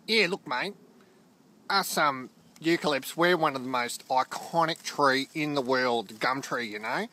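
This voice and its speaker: A man's voice: mid-range voice, measured pace, bright, forceful tone. A man voicing a grumpy, blokey eucalyptus gum tree with an Australian accent, grumbling a laid-back complaint. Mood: aggrieved.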